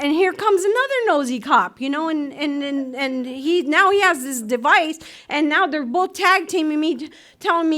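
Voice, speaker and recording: A woman speaking at a recovery meeting, telling her story in a lively way, acting out voices and laughing often. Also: high voice, normal speed. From United States. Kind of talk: personal recovery talk. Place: meeting room.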